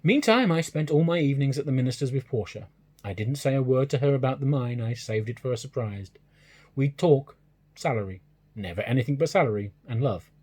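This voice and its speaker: Guy reading an old story out loud, husky kinda breathy voice, steady pace. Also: medium pitch, fairly quick. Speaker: reader.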